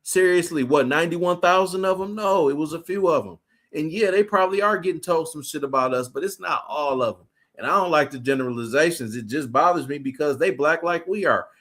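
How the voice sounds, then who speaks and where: A man's voice: on the high side, fairly quick, fairly bright tone. A man co-hosting a live talk show, speaking casually with street slang and profanity. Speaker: co-host.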